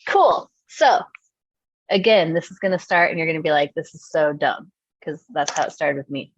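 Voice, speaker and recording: Female co-host, casual and chatty, low-ish voice, laughs a lot, dry and muffled mic. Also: lively intonation, normal speed. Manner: chatty, laughs often, acts out quotes. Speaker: podcast co-host. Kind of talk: casual chat, storytelling.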